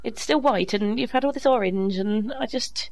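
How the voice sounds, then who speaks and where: A woman's voice: a little high, normal speed, darkish tone, lightly acted. A woman with a London accent voicing a playful young female companion in an amateur audio drama, hesitant and coaxing.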